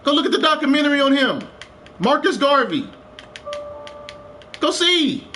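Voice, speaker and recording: A man's voice: extremely high pitch, very animated, normal speed, bright, forceful tone, slight background noise. A man streaming a game live, ranting with passion, repeating himself and swearing. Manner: impassioned, repetitive, swears, rising to urgent.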